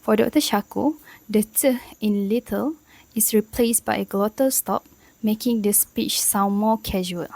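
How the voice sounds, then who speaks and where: A woman's voice: medium pitch, unhurried, vocal fry, darkish tone, no room sound, low-quality recording. A young woman from Malaysia, a student giving a recorded class presentation and explaining from prepared notes.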